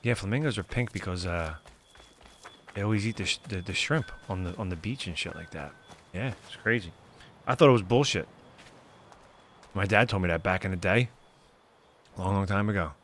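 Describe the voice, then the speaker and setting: A man streaming a video game, giving excitable commentary full of swearing and jokes. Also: low-pitched, moderate pace, pauses often, slight background noise. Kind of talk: gameplay commentary. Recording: voice over game music.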